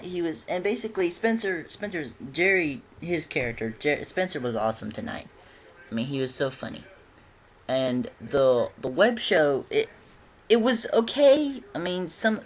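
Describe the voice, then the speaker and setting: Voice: mid-range voice, fairly bright tone, a little hiss or hum. A fan casually reviewing TV episodes, rambling with frequent restarts and giggles.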